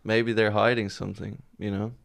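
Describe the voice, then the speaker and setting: A man's voice: lowish voice, level tone, moderate pace, creaky. A man guesting on a podcast in easygoing casual chat, teasing and laughing along.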